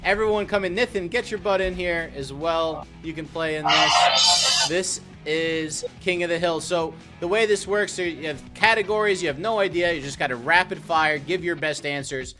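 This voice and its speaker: A man running a rapid-fire quiz segment, upbeat and playful as he lays out the rules. His voice sits a bit high. Faint guitar music plays underneath. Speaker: game segment presenter. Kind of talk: game show style hosting.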